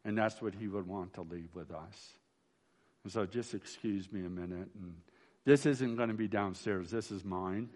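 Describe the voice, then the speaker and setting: A man's voice: deep voice, moderate pace, a little mellow, slight background noise. A man, a pastor, giving a memorial sermon in a folksy storytelling way, often restarting phrases and asking "right?". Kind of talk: funeral sermon.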